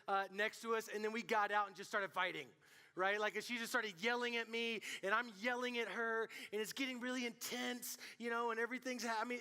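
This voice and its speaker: High-voiced, bright youth pastor in a hall. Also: male voice. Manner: animated storytelling, calls out to the audience. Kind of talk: sermon to a student group. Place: church hall. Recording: long hall reverb.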